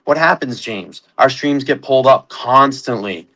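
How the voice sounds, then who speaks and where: Halting male guest full of fillers. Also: mid-range voice, sharp tone, poor audio. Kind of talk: casual livestream chat.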